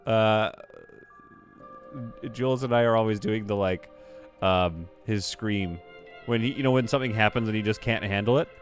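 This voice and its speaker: A man with a low voice streams a game and rambles casually, full of fillers and restarts. Faint music plays behind him. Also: moderate pace, pauses often. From Canada. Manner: rambling, self-amused, many fillers and restarts. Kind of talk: casual live-stream chat.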